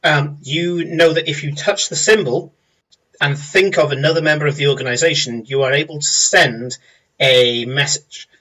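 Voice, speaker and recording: Casting: game master, man, higher, bright voice, slightly off-mic, halting explainer. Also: far from the mic, rough recording. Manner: halting, filler-heavy explaining. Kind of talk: narrating a tabletop game.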